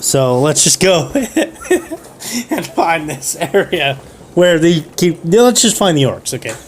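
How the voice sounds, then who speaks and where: A man's voice: a little high, lively intonation, normal speed, a little hiss or hum, lightly acted. Man playing a nagging, bossy princess. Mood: annoyed. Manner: exasperated, scolding.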